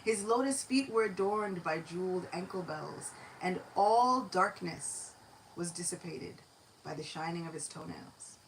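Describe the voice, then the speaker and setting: A woman giving a devotional lecture, telling a sacred story in an expressive, animated way. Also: lowish voice, measured pace, slight background noise, poor audio.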